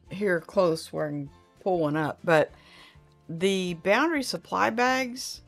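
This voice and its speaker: A middle-aged woman, hosting a casual livestream chat and reading viewer comments aloud in a rambling, friendly way. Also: lowish voice. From Oklahoma.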